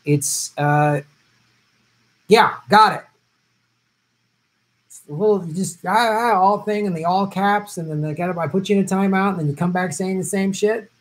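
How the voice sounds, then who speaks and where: A man's voice: high-pitched, brisk, low-quality recording. Joking man chatting through viewer questions. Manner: joking, rambling, reads comments aloud. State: vegetarian who travels for work. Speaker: host answering viewer questions. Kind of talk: casual live-stream chat.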